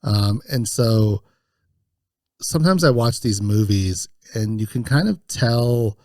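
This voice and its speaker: A man's voice: fairly low pitch, expressive, slow pace, darkish tone, dry recording, studio quality. A man hosting a podcast in casual chat, talking loosely and laughing often as he recaps scenes. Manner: chatty, laughing often, fond of swearing and quoting scenes. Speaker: podcast host.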